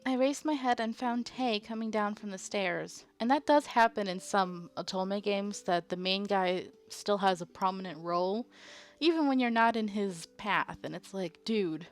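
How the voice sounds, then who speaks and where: A woman streaming a game, reading its story aloud in an ordinary middle-range voice. She moves easily between reading the text and joking with her viewers. Soft game music plays faintly underneath. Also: mid-range voice, normal speed. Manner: chatty, playful, reacts to chat.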